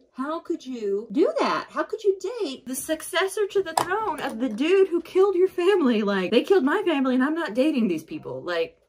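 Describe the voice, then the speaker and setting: A woman's voice: high voice, voice pushed up. A woman voicing an outraged, grieving young woman friend in a casual book retelling, sputtering and indignant.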